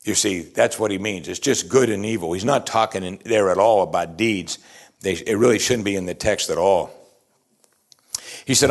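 Man preaching, lowish voice, emphatic, animated, asks the room questions. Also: a little fast. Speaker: pastor. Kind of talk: sermon.

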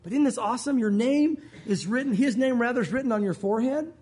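A man's voice: very high-pitched, fast, darkish tone, breathy edge. A man preaching a sermon as pastor, earnest and direct, often calling his listeners "guys".

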